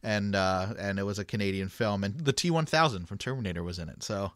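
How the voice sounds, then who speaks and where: A man co-hosting a sports podcast in casual chat, talkative and quick to laugh, often restarting his sentences. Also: fairly low pitch, a bit bright, no room sound, clean studio sound. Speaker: podcast co-host.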